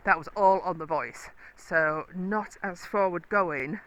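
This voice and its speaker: A woman's voice: on the low side, slow, a bit bright, low-quality recording. A woman riding her horse on a bridleway, chatting casually and coaxing the horse with praise. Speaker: horse rider and vlogger. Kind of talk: casual talk while riding.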